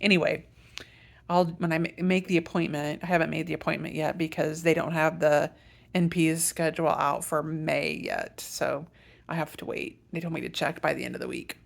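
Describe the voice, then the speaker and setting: A woman's voice: low-pitched, fairly even intonation, normal speed, creaky. A middle-aged woman from Iowa in a casual vlog, talking through her treatment plan in a rambling, self-correcting way. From Iowa, USA. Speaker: patient sharing a health update.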